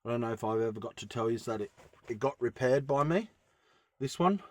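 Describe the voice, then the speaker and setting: A man's voice: mid-range voice, expressive, a little fast, dry recording, clean studio sound. A man vlogging casually from inside his van, rambling enthusiastically with lots of fillers as he shows off his gear. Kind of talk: casual show-and-tell vlog.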